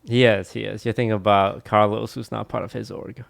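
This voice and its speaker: A man's voice: fairly low pitch, little pitch movement, a little fast, gravelly, no room sound, clean studio sound. A man, an esports team owner, chatting casually and matter-of-factly on a stream.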